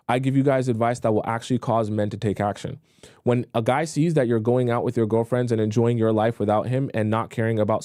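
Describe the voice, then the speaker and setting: A young man gives dating advice on a live stream in a blunt, conversational way, often repeating a phrase before he finishes it. His voice sounds mellow and relaxed, with a middling pitch. The sound is dry and close, with no room around it. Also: no room sound. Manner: blunt, repetitive, conversational, acts out pleading voices mockingly. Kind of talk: live-stream advice talk, reading viewer questions.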